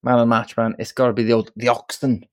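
A man's voice: mid-range voice, flat delivery, quick pace, clean tone, no room sound. A man co-hosting a podcast in casual chat, rambling and self-deprecating, with plenty of swearing. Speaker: podcast co-host.

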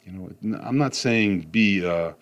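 Man, middle-aged, low-ish voice; loose, rambling motivational speaker who leans on slow emphasis. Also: lo-fi sound. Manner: rambling, with frequent "you know what I mean" asides. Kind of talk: casual motivational talk.

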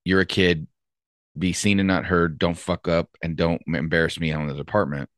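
A man in casual chat, reflective and measured, speaking from his own experience. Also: deep voice, flat delivery, fairly bright tone, no room sound, clean studio sound.

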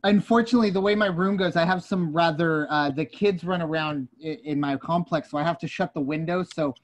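Slightly high-voiced casual analyst. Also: male voice, a little fast. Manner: casual, hesitant with fillers. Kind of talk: casual sports talk. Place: hot apartment room.

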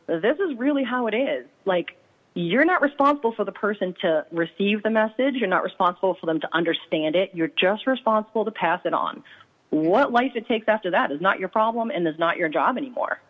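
A woman's voice: medium pitch, expressive, fairly quick. A woman, a psychic medium guest, telling a story and acting out the dialogue with quoted voices. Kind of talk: animated storytelling. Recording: tinny phone line.

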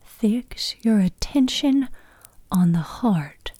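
A woman voicing a hushed ritual guide in a whispered role-play, giving slow, solemn instructions. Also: a little high, animated, no echo.

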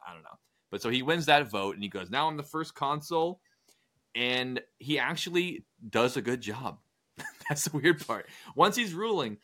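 Casual history podcast guy, bright voice, jumps into silly character voices while he tells the story. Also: mid-range voice. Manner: animated storyteller, acts out historical figures in goofy voices. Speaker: podcast host. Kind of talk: casual comedic history chat.

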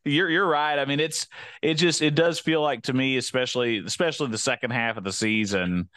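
An easygoing man co-hosting a podcast who laughs often and repeats his lines. His voice is smooth and clear, recorded close and dry. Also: mid-range voice, normal speed, fairly bright tone, no room sound. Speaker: podcast co-host. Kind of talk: casual sports chat.

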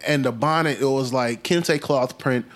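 A young man from Brooklyn, telling stories in a slangy, animated casual chat. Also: mid-range voice, moderate pace. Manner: animated storyteller, slangy, acts out quotes.

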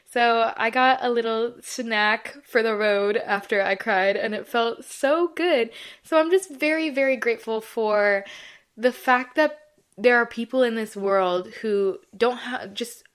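A woman's voice: fairly high pitch, measured pace, clear, resonant tone. A young woman hosting her own podcast, talking in a casual, effusive way with lots of "like" and "you know" fillers. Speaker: podcast host. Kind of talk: casual solo podcast chat.

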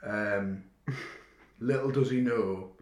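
A man's voice: lowish voice, drawn-out words. A young man co-hosting a podcast, laid-back with dry quips. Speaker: podcast co-host. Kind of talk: casual chat. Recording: echoey room with faint noise.

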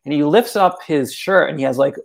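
Gravelly, chatty man telling a tale. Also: on the high side, brisk, slight background noise. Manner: animated, casual, many fillers like "like". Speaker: author and guest. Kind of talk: storytelling in conversation.

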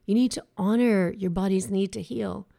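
In this motivational monologue, a middle-aged woman who survived breast cancer and works as a life coach talks directly and emphatically, dropping in casual swearing. Her medium-pitched voice is mellow with vocal fry, keeping a fairly even intonation at a moderate pace.

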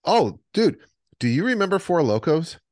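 A man chatting on a podcast, telling animated stories and acting out what people said. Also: fairly high pitch, normal speed, no echo, clean studio sound. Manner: animated storyteller, acts out the voices in his stories. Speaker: podcast co-host. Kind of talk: casual podcast chat.

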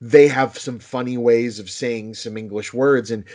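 A man's voice: mid-range voice, steady tone, a little slow, a little mellow. American guy in his 30s, chatty, lots of restarts, casual talk. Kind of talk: casual chat.

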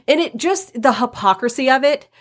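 A woman's voice: high voice, animated, normal speed. A woman in casual chat about a book, retelling the plot with indignant emphasis and quoted voices. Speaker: book discussion co-host.

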